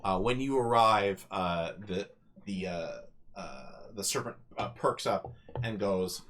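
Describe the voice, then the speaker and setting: A man running a tabletop game as game master, describing scenes in halting bits full of ums and restarts. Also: on the low side, fairly bright tone.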